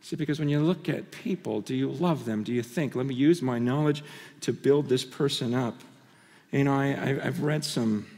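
A man preaching a conference sermon, impassioned and swinging between loud and hushed, often stammering and restarting phrases. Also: medium pitch. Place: conference hall. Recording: long reverb of a large hall.

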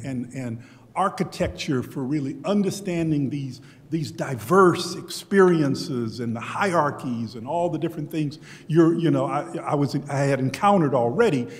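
With a mid-range, darkish voice, a man in his sixties from Beaumont, Texas, US, reflects on personal stories during a history panel. He talks conversationally, restarting sentences often, and the room adds long hall reverb.

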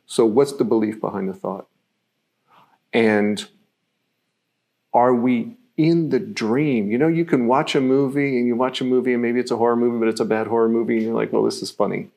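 A man's voice: medium pitch, normal speed, a little mellow. A man giving a live-streamed self-mastery teaching talk, reflective and explaining through everyday examples, with many fillers.

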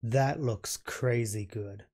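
A man hosting a reaction video, gushing and halting as he comments, often repeating his words. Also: mid-range voice, a little mellow.

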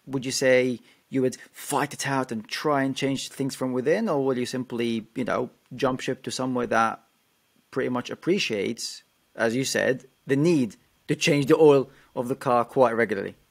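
A man's voice: medium pitch, moderate pace, vocal fry. A man hosting a tech podcast, asking probing questions in a conversational way. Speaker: podcast host, interviewer. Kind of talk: interview questions.

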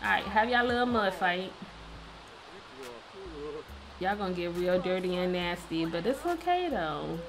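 A woman's voice: lowish voice, animated, unhurried, long pauses, a crowd in the background. A woman hosting a casual let's-play, chatting playfully and talking to the characters on screen. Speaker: gaming video host.

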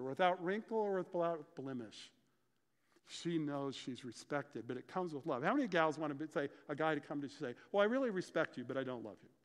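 Man, pastor, sermon, fairly high voice, long church reverb, animated storyteller. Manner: animated storytelling, acts out dialogue. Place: church sanctuary.

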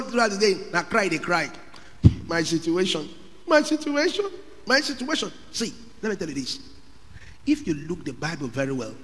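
A man preaching a sermon, rising to shouted peaks and dropping low again. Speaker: pastor. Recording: long hall reverb.

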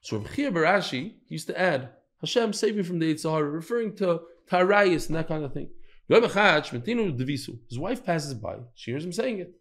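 A man teaching a daily Talmud class, telling stories with lively acted-out quotes and Hebrew and Yiddish terms. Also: on the high side, a little fast.

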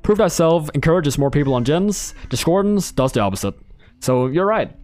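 A man's voice: a little high, animated, moderate pace, a little mellow. Young guy streaming a horror game, voice jumps all over, swears and laughs a lot, talks at the other players. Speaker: gameplay commentator. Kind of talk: live gameplay commentary.

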